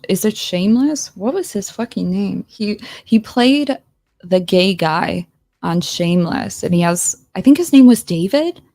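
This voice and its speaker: A woman's voice: on the low side, creaky, warm tone, no room sound, studio quality. A woman in a casual livestream chat, rambling and searching for names, laughing often. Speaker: streamer.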